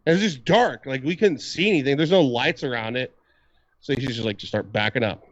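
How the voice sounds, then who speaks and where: A man's voice: medium pitch, expressive, fairly quick, dry recording. A man co-hosting a podcast, telling a rambling, profane story in a casual way. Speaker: podcast co-host. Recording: dull lo-fi dry sound.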